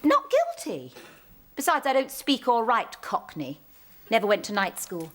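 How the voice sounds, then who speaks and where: A catty, arch neighbour. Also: female voice, a little high, wildly swooping pitch, a little slow, exaggerated voice. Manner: arch, sarcastic.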